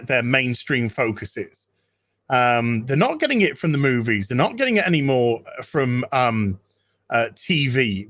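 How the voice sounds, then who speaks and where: A man's voice: medium pitch, a bit bright, dry recording. A man ranting with heavy swearing as a guest in a casual podcast chat. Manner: profane, ranting.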